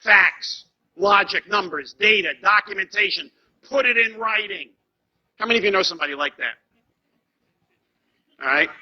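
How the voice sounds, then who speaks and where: A man giving an animated seminar lecture as a trainer, putting rhetorical questions to the audience. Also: high-pitched, normal speed, long pauses. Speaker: corporate trainer. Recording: dull lo-fi seminar recording.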